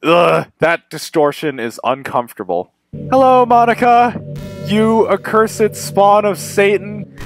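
High-voiced man with excitable game commentary. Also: faint music behind. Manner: excitable, sweary, quick swings between yelling and muttering. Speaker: gaming video creator. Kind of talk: let's-play commentary.

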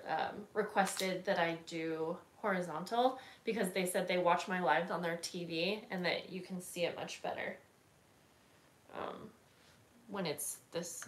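There's slight background noise as a woman with a mid-range voice hosts her laid-back craft stream, chatting while she stamps at her table. She rambles along, leaning on fillers and often correcting herself.

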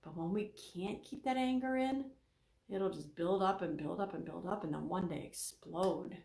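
A woman counselor gives a faith-based teaching talk, voice carrying a gravelly edge. She is animated and slips into little acted-out quotes. The sound rings a bit in a roomy space. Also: moderate pace. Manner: animated, acts out quoted speakers with pitch jumps.

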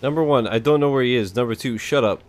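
A man's voice: mid-range voice, quick pace. A man giving casual, sarcastic, profane commentary while playing a video game. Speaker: gaming streamer.

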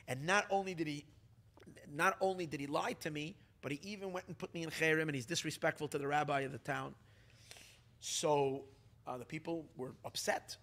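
A man, a rabbi, telling a story to a gathering in an animated way, restarting often and mixing in Hebrew and Yiddish terms. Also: a little high, a little fast.

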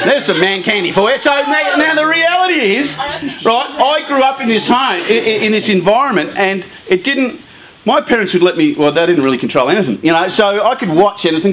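A middle-aged man giving a casual, animated talk to a youth group, laughing often and acting out quoted lines. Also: sits high, slight background noise, poor audio.

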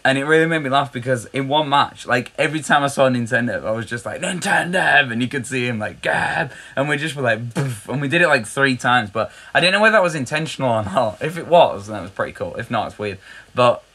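Bright-voiced British man chatting. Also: mid-range voice, animated, fast talker. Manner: chatty, rambling, easily amused. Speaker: podcast co-host. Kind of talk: casual podcast chat.

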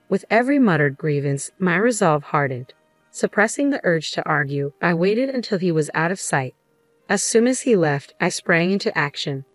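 A woman reading a first-person story in an even, measured way. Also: on the low side, dry recording, soft background music. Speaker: narrator.

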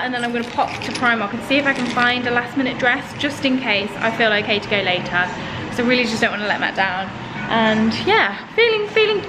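Chatty woman vlogging, high voice. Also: background noise. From United Kingdom. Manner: chatty and expressive, often exasperated. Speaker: lifestyle vlogger. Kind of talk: casual vlog to camera.

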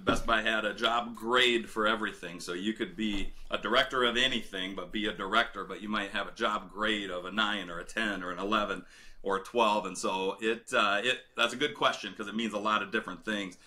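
Middle-aged man, low crisp voice, rambling interview guest. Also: steady tone, a little fast, pushed and bright. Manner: rambling, many fillers and restarts. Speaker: former retail director, guest. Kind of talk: casual interview storytelling.

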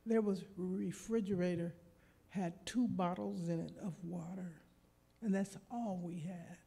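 A woman preacher with a fairly low, gravelly, husky voice speaks a little slowly in church. She animatedly tells a personal story during her sermon, performing the voices of its characters.

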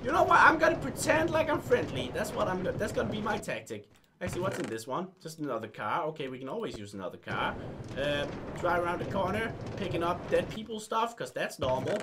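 A young man giving excited, hyper gameplay commentary as a gaming video host, often yelling at the game. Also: sits high, a little fast, background noise. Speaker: gaming YouTuber.

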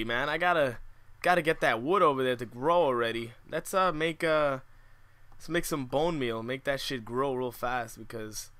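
A young man with a bright, fairly high voice commentates a survival game and rants at it. He drops to muttered asides, then breaks into shrieking, swearing outbursts. A faint hiss sits under the recording. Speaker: gamer.

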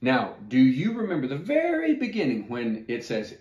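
Man, children's Bible teacher, questioning storyteller, very expressive pitch, echoey room. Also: moderate pace, dull audio. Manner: asks the listeners questions, animated storyteller.

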